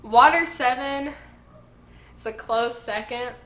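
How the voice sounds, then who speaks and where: Young female reviewer, crisp bright tone, casual and effusive, echoey room. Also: fairly high pitch, slow. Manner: gushing, emotional fan. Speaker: anime review host. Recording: roomy echo, faint noise.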